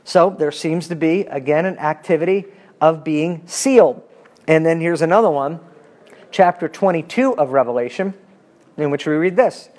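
A man in his fifties teaching a Bible class in a conversational lecture style, animated and chatty with asides to his students. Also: moderate pace. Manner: animated, pitch swinging up when emphatic.

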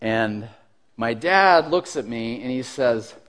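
A man preaching a sermon, telling a personal story in an animated, self-mocking way and often laughing as he tells it. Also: medium pitch, slow pace. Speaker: pastor.

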